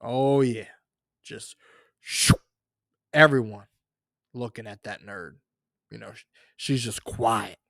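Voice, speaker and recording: A man hosting his own podcast, telling a comic high school story in a rambling, profane way with many fillers and restarts. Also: slow, creaky, pauses often, a bit bright, no echo, studio quality. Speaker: podcast host.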